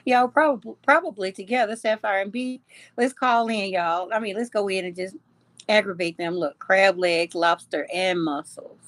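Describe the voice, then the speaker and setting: A woman's voice: medium pitch, normal speed, fairly bright tone, dry recording. A woman hosting a casual live chat, reading comments aloud, teasing her viewers and laughing often. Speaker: livestream host.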